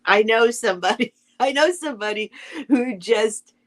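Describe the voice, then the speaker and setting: A woman's voice: a little high, lively intonation, normal speed, fairly bright tone. A woman hosting a casual live stream, reading a children's book aloud and chatting with her viewers in a rambling, sentimental way. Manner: sentimental, gets emotional over the text.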